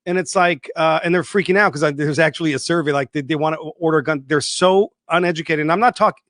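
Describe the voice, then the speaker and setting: A man's voice: on the high side, quick pace, fairly bright tone, no room sound, clean studio sound. A man hosting an unscripted livestream monologue, emphatic and repetitive, swearing freely. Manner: emphatic, repetitive, swears freely, mocks people in put-on voices. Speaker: online show host.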